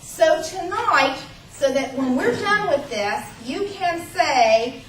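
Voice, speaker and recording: A woman teaching a church class, explaining history in a clear, measured lecture with emphatic pauses. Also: high voice, animated, fairly bright tone. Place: large church room. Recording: echoey room from far off, faint hiss.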